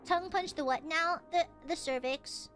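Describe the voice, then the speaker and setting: A woman's voice: extremely high pitch, normal speed, fairly bright tone, faint music behind. A woman streaming a video game, chatting casually in a playful, crude way and laughing often.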